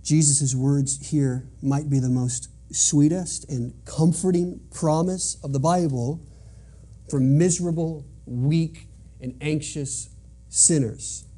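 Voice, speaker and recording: A man's voice: on the high side, slow, dark tone, slightly rough. A man preaching a sermon in an earnest, emphatic way, driving points home by repeating them. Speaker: pastor.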